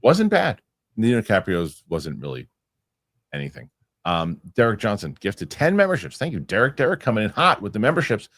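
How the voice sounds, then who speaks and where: A man's voice: lowish voice, sing-song, brisk, fairly bright tone, dry recording, studio quality. A man hosting a casual show, reading viewer comments aloud and stumbling over restarts. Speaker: host. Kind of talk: casual chat reading live chat.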